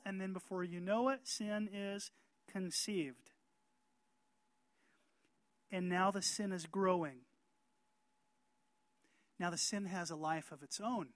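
A middle-aged male pastor delivers a sermon at a slow, deliberate pace. He is emphatic, swinging between hushed passages and loud calls for amen. The sound is dry and close. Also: sits high, fairly even intonation, no echo.

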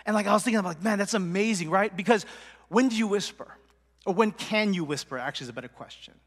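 A man preaches in a loose, conversational way, with fillers and asides to his congregation. His voice sits high and sounds bright. A long reverb trails his words through the church hall. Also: quick pace. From Portland. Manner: chatty, full of fillers, acts out quotes, drops to a whisper for effect. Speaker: pastor. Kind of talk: casual sermon.

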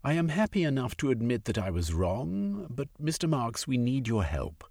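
A man's voice: medium pitch, very animated, moderate pace, gravelly, a little mellow, husky, dry recording, clean studio sound, pitched above the performer's own voice, heavily acted. A man voicing a passionate young aristocrat turned radical, pleading his case in a storybook reading. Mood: impassioned.

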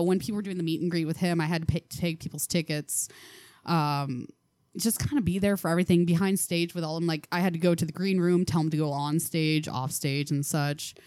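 A young woman with a slightly low voice tells anecdotes on a podcast, laughing often and filling pauses with lots of ums. The sound is close and dry, with very little room echo. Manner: animated storyteller, laughs often, many ums. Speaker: podcast guest. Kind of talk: casual chat.

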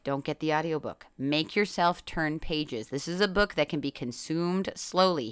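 Low-voiced, crisp woman podcast host. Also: fairly bright tone, no echo, clean studio sound. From New York. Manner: chatty, storytelling, frequent fillers and swearing. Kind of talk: casual monologue podcast.

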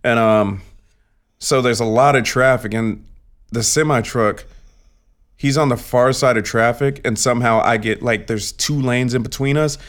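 A man's voice: medium pitch, steady tone, moderate pace, clean tone. A man in casual chat, animatedly telling a profane story.

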